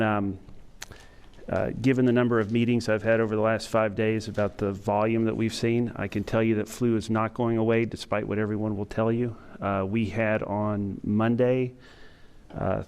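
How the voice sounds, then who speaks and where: A middle-aged man giving a training lecture to emergency medical staff, talking in a self-described monotone and pausing often with fillers. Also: lowish voice, smooth. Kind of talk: conference lecture to EMS staff. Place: lecture room with an audience.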